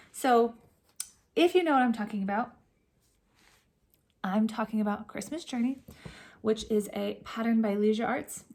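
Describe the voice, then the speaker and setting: A woman hosting a cross-stitch vlog, chatting warmly and emotionally to camera from home, with soft whispered asides. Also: fairly high pitch, creaky. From California. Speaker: Flosstube host. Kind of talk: casual chat to camera.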